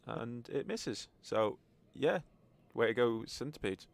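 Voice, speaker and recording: A man's voice: medium pitch, animated, slow pace, gravelly, a little hiss or hum. A man narrating a tabletop game as game master, in a wry, joking manner.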